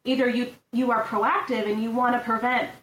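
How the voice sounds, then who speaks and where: A woman's voice: a little high, little pitch movement, moderate pace, a bit bright. Woman guest, chatty with wry asides, sounds off-mic in an echoey room. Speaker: podcast guest. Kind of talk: casual discussion. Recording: roomy, distant mic with faint noise.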